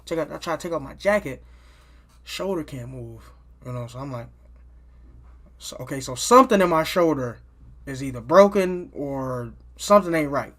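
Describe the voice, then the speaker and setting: A man tells a personal story in a loose, casual monologue, his voice on the high side and a bit bright, with lively intonation, a moderate pace and long pauses. He swears freely, restarts sentences and keeps tacking on "you know what I'm saying."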